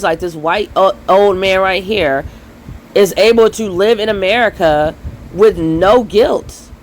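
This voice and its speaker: Male commentary host, slightly higher voice, heated and profane, hammering his points home. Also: a little hiss or hum, rough recording. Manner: impassioned, profane, emphatic. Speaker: parent. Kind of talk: ranting commentary.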